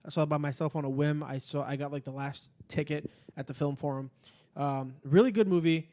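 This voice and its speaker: Man, podcast co-host, swears a lot, rambling chat, slightly higher voice. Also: fairly quick. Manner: profane, rambling, animated ranting. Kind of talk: casual chat.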